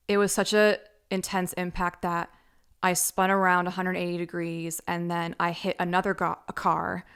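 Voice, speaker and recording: A woman with a low, smooth voice carrying a bit of gravel underneath. Her pitch stays flat and even. She tells a personal story in a loose, chatty way full of fillers. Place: Los Angeles.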